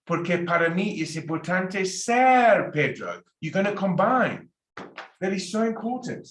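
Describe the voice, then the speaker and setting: A man teaching a Spanish lecture, drilling example sentences slowly and emphatically. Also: a little high, a bit bright. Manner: slow, emphatic drilling with repeated example phrases. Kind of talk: recorded language lecture. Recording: echoey room.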